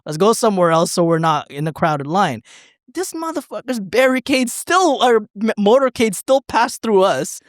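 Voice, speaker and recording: Rambling through a story on a podcast, the co-host swears, laughs and acts out others' words. His high-pitched voice swings widely in pitch at a normal speed, recorded in clean studio sound with no echo.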